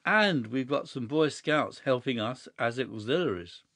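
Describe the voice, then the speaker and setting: Storybook prankster: unruffled, sly, mid-pitched, by a male narrator. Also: a little slow, no room sound, clean studio sound. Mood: calm. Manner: calm, matter-of-fact, sly. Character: cool mischievous young gentleman prankster.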